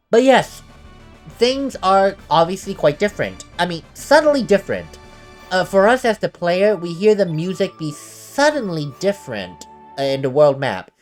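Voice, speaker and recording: A woman's voice: on the low side, darkish tone. A woman giving chatty, laughing commentary on a game she is playing. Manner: chatty, laughs often, self-deprecating. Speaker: let's play host. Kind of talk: casual gameplay commentary. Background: faint game music.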